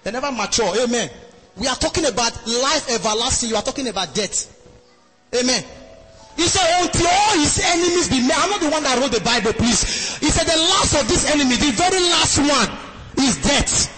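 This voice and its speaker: High-pitched preacher man in an echoing hall. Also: animated, fairly quick, over music. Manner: call-and-response preaching, sing-song cadence, bursts of shouting. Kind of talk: sermon. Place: church hall.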